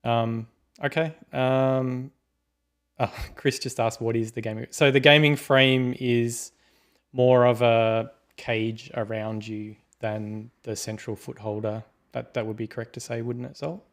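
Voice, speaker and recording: A man hosting a casual interview, speaking in a relaxed, hedging way and reading out viewers' questions. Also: mid-range voice, a little slow. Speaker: interview host. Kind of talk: casual video-call interview.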